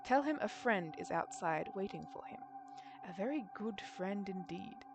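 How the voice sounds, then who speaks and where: A woman playing a hushed cloaked stranger. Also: mid-range voice, animated, vocal fry, music in the background. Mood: ominous. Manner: slow, quiet and measured. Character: mysterious cloaked male stranger, calm and secretive.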